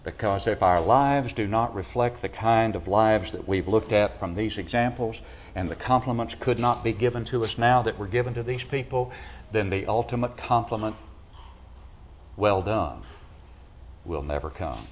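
Low-voiced preacher asking rhetorical questions. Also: male voice, normal speed, slight background noise. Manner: asks the congregation rhetorical questions; swings from loud emphatic peaks to low quiet drops. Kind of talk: sermon. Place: church building.

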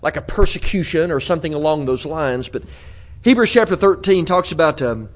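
A man with a notably high voice delivers an earnest sermon in a church. He talks in a conversational way, restarting phrases and repeating words as he goes. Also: animated, fairly quick. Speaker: preacher. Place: church auditorium.

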